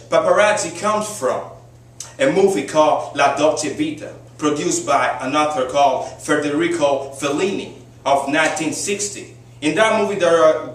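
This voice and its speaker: A man's voice: on the high side, fairly bright tone, recorded from a distance. Young man giving an echoey classroom speech. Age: young adult. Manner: emphatic, rhetorical questions, frequent fillers. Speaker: student giving a persuasive speech. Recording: very echoey classroom recorded from afar.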